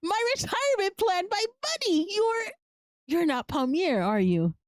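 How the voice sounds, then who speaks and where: A woman's voice: extremely high pitch, sing-song, unhurried, no echo, voice pushed up, heavily acted. A woman voicing Mister Dietrich, a greedy scheming male sorcerer-shopkeeper who threatens and curses, from a game. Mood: furious. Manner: smug, threatening, cursing.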